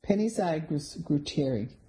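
A woman reading a first-person mystery novel aloud in a wry, even storytelling manner. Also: sits low, normal speed, low-quality recording. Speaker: audiobook narrator. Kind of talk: first-person audiobook narration.

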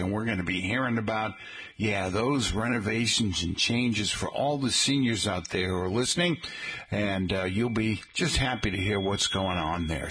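A middle-aged man hosting a local radio show, chatting in a folksy way and slowly spelling out details for listeners. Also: medium pitch, sharp tone, husky. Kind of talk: casual radio talk. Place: radio studio.

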